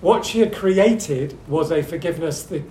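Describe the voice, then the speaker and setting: A middle-aged man tells stories to a seminar audience, lively yet halting, with frequent ums and restarts. His voice sits a little high for a man. The room is echoey, with a faint hum behind him. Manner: hesitant, with many ums and restarts; lively storyteller. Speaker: seminar speaker. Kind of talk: anecdotal talk to a seminar audience.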